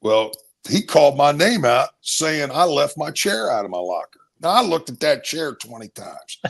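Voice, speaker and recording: Telling stories in a casual way, this former college football player, a middle-aged man from Maryland, USA, has a creaky, medium-pitched voice. He brings the tales to life by acting out others' voices.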